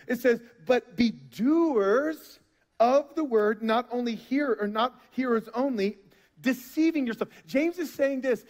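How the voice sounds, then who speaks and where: A man in his thirties delivers a sermon in a high, bright voice. He moves between easy storytelling and forceful emphasis. His words echo with the long reverb of a large church auditorium. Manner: storytelling, conversational with bursts of emphasis. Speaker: pastor.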